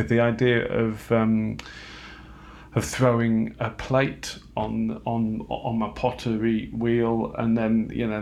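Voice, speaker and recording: Guy rambling at 1am, low gravelly voice, lots of ums and false starts. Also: a little mellow, slight background noise. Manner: halting, self-mocking, many fillers and restarts. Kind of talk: rambling late-night monologue. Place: home at night.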